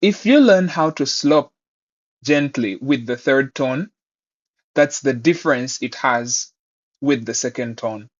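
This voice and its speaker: A man teaching a Mandarin lesson in a patient, encouraging way, speaking slowly and deliberately. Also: mid-range voice, dull audio. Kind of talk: online language lesson.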